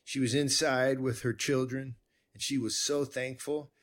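A man hosting a conversation, telling a personal story in a rambling, animated way with many restarts. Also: mid-range voice, unhurried. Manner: rambling, self-interrupting, animated. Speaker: podcast host.

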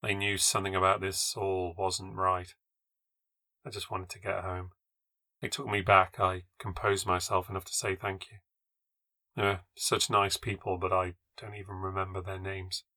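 A man with a fairly low, bright and edgy voice reads a ghost story aloud with dramatic flair. The sound is dry and close, with no room around it. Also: level tone, normal speed, no room sound. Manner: dramatic, vivid reading. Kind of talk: scripted ghost story narration.

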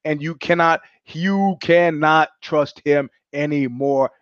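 A man's voice: a little high, slow, smooth, no echo, dull audio. A man hosting a podcast, talking in a rambling, wry, digressive monologue. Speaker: podcast host. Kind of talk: casual monologue commentary.

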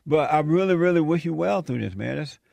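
Gravelly older man hosting a talk show. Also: fairly high pitch, expressive, fairly quick, darkish tone, no echo. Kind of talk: radio talk show chat.

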